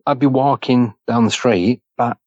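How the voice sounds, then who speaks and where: A man from Manchester, recounting a personal experience as a podcast guest in halting, clipped fragments. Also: medium pitch, steady tone, darkish tone, no room sound, dull audio. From Manchester, England.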